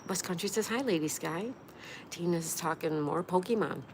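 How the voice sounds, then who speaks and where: A woman's voice: fairly low pitch, normal speed, a little hiss or hum. A woman hosting a casual livestream, reading viewers' comments aloud in a chatty, friendly manner. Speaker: livestream host reading chat.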